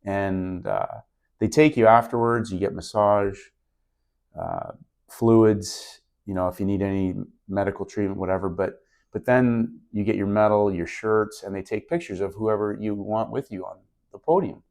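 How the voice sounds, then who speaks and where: A middle-aged man, a guest on a podcast, speaks with a somewhat low voice. He tells his story in an earnest, reflective way, like a relaxed conversation. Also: normal speed, gravelly. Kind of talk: casual interview storytelling.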